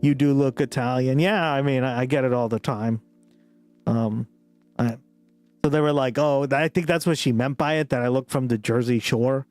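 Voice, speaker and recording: A man's voice: mid-range voice, normal speed, a little mellow, dry recording, soft background music. A man hosting a live stream in casual chat, laughing often and swearing as he riffs. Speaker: streamer host.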